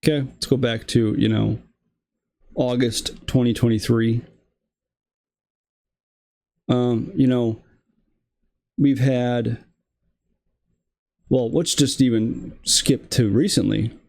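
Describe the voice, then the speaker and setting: A man's voice: mid-range voice, fairly even intonation, slow, vocal fry, pauses often, darkish tone. A young man hosting a political commentary show, delivering a casual, exasperated rant full of fillers and restarts.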